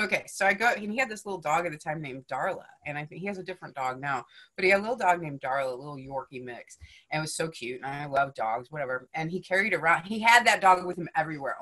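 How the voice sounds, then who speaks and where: Talking fast in a low voice, a woman appearing as a podcast guest spins a story in easygoing conversation. Her delivery is animated and frank, full of swearing, with "right?" and "you know?" tagged on throughout.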